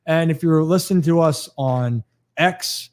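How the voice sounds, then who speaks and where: A man's voice: a little high, measured pace, a little mellow. A man hosting a sports talk livestream, chatty and rambling, out of breath at the end of a long day. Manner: chatty, rambling with restarts and fillers. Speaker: podcast host. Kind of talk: casual sign-off of a sports livestream.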